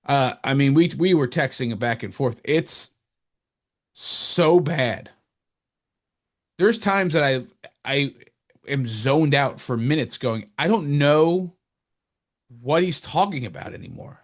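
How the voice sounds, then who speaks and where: A man from New Jersey co-hosting a podcast, chatting casually and animatedly about sports, rambling and jumping higher when he mocks someone. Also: takes it slowly, pauses often. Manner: animated, rambling, jumps up in pitch when mocking. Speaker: podcast co-host.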